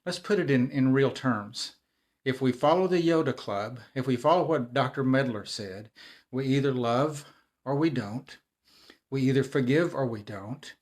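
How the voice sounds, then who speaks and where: A man's voice: medium pitch, moderate pace. A middle-aged man hosting a live video, talking casually and informally with frequent restarts and repeated words. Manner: conversational, frequent restarts and repetitions. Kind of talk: casual talk to camera.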